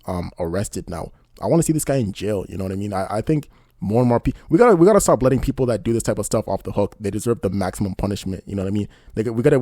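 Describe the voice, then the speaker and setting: A man's voice: fairly low pitch, mellow, no echo, studio quality. A man doing casual online commentary, indignant and rambling, often asking "you know what I mean". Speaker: commentary YouTuber.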